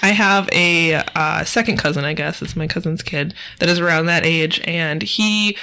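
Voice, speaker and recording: A woman co-hosting a casual podcast, easygoing and quick to laugh, still getting over a cold. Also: lowish voice, sharp tone. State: recovering from a cold. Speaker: podcast co-host. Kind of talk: casual chat.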